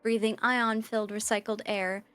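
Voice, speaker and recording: A woman reading aloud the lines of a creepy, chirpy female research AI in a game, slow and deadpan. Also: on the high side, smooth, natural voice.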